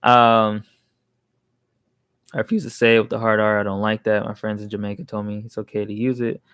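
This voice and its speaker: A man's voice: on the low side, little pitch movement, fairly quick, a bit bright, smooth. A young man venting in a casual, rambling monologue, heated and swearing freely, often restarting his sentences. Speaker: vlogger.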